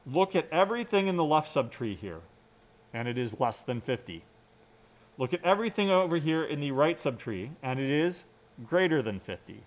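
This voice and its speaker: A man's voice: a little high, very animated, moderate pace. A man giving a recorded computer science lecture, explaining step by step and often checking in with "right?". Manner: mutters quietly to himself while working on screen. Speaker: university lecturer.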